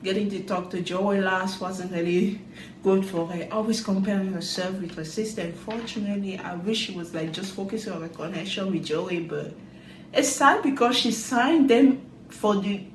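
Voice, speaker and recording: A woman recapping a dating show in casual chat, talking loosely with quick asides and loose grammar. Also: mid-range voice, roomy sound, slight background noise, rough recording. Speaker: reality TV recap vlogger.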